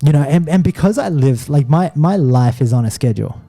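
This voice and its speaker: A man in his thirties thinks out loud in a relaxed conversation, candid and a little rambling as he searches for the point. His voice sits dark and mellow, with quiet music playing underneath. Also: fairly high pitch, fairly quick, no echo. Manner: candid, rambling, self-reflective. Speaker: podcast co-host. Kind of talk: casual conversation with his partner.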